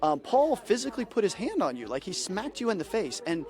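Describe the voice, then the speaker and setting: High-voiced joking male host. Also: sing-song, a little fast, a little mellow. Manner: jokey, rambling, self-deprecating. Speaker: host interviewer. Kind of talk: live backyard interview. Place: outdoor backyard set.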